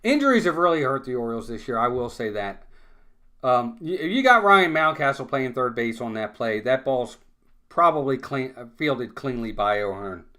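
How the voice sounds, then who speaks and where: A man calling a live baseball game play-by-play, conversational and quick to get worked up over big plays and errors. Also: medium pitch. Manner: conversational, excitable on big plays, blunt criticism. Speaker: fan play-by-play commentator.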